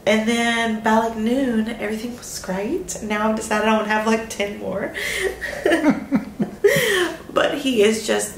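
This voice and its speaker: A woman's voice: fairly high pitch, fairly even intonation, unhurried, echoey room, a little hiss or hum. A woman, a new mother, gushing and giggling as she talks casually to the camera in a hospital room. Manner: gushing, giggly, overcome with emotion. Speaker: new mother vlogging her birth. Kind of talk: casual vlog.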